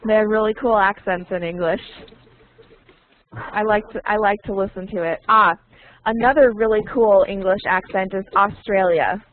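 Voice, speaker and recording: A woman teaching English online, speaking slowly and deliberately and repeating key words so learners can follow. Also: mid-range voice, steady tone. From United States. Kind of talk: online language lesson. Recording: tinny phone-like online call audio.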